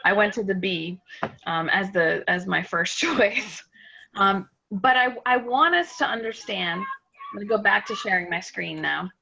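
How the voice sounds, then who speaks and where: Gravelly bright-toned woman presenter. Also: medium pitch, unhurried. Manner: energetic, explains with fillers and restarts. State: out of breath. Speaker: webinar presenter. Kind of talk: online workshop presentation. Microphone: computer mic on a video call. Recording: muffled video call audio.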